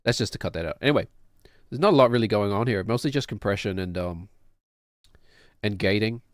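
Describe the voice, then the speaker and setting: A man's voice: fairly low pitch, fairly quick, dry recording, studio quality. A man in his late thirties, a streamer explaining his own music production in a casual, rambling, self-deprecating way and laughing often. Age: late 30s.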